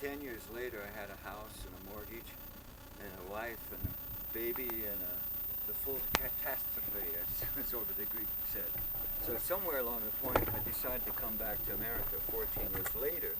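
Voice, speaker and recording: A man in his seventies, a muralist, telling stories in an interview in a lively way and acting out the people in them. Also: lowish voice, heavy background noise. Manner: lively storyteller, acts out voices. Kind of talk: storytelling interview.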